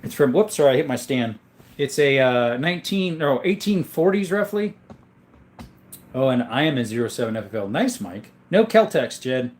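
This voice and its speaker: A man's voice: medium pitch, animated, normal speed, a little hiss or hum. A man hosting a casual livestream, easygoing and rambling as he reads out chat names; he is sick and coughs now and then. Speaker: livestream host showing his gun collection.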